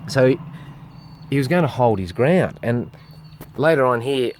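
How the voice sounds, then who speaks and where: Australian man, mid-pitched voice, casual storytelling, rambling, curses a lot. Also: expressive, a little slow, darkish tone. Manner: rambling, heavy swearing, acts out what others said. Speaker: street performer with a goat.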